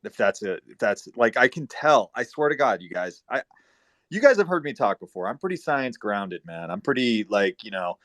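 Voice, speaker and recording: A man telling a long, rambling story in casual talk, profane, swinging between loud bursts and quiet asides. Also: on the low side, big pitch swings, moderate pace, no room sound.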